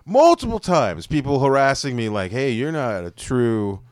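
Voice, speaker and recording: A man's voice: medium pitch, normal speed, clean tone, dry recording, clean studio sound. A man on a podcast, chatting casually and joking, with frequent swearing and "dude.". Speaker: podcast co-host. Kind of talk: casual chat.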